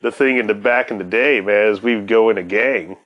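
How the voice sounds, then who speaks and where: A man's voice: on the low side, moderate pace, lo-fi sound. A middle-aged man hosting a podcast, talking casually in a rambling way, swearing heavily as he goes. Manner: profane, rambling, heavy swearing. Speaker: podcast host. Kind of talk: casual chat.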